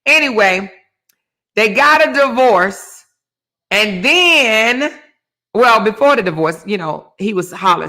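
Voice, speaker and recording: A man's voice: high voice, animated, slow pace, long pauses, sharp tone. A man hosting a gossip show, telling celebrity drama in a sassy, theatrical way and calling his audience honey and child. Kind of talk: animated celebrity gossip chat.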